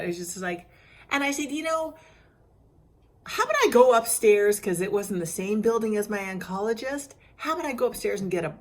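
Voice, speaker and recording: Weary, expressive woman vlogger. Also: lowish voice. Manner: animated, acts out others' lines in quoted voices. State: worn out from crying. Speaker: vlogger sharing her cancer journey. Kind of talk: casual storytelling vlog.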